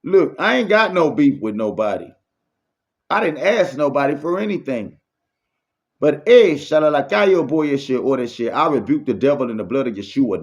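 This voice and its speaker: A man giving a faith-based motivational monologue, repetitive and preachy, full of street slang. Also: mid-range voice. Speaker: motivational speaker. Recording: muffled lo-fi recording.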